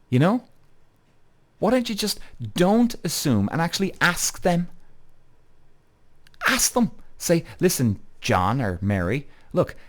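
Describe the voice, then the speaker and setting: A man's voice: medium pitch, darkish tone. A man hosting a podcast, talking bluntly to his listeners and swearing often. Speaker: podcast host. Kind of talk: casual rant.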